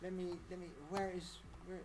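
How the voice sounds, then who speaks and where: A woman's voice: fairly low pitch, completely flat delivery, moderate pace, darkish tone, slight background noise. A woman talking through a casual live-stream tutorial, chatty and rambling, laughing often.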